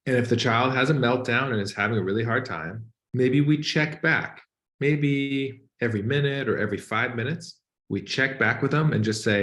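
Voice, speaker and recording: A man's voice: mid-range voice, moderate pace, a bit bright. A man, a guest expert, earnestly explaining research in a conversational way over a video call. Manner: earnest, conversational, uses many "like" and "and so" links. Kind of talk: explanatory talk to an audience over slides. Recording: echoey room.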